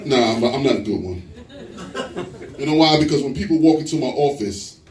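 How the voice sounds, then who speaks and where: A man performing a stand-up comedy set, telling animated stories and slipping into quoted voices, in a live venue. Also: medium pitch, a little fast, noisy background. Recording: echoey live venue, mic at a distance.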